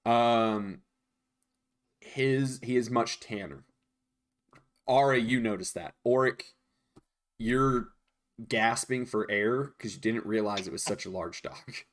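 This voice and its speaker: A man narrating as game master of a tabletop game, relaxed and hesitant with frequent ums. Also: mid-range voice, slow pace, pauses often.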